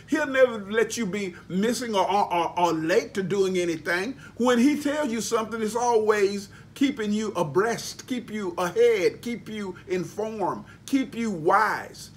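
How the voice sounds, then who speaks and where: High-voiced preacher, emphatic. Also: male voice, expressive, moderate pace, hardly any pauses. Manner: emphatic preaching with spelled-out words and folksy asides. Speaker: pastor. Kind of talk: sermon.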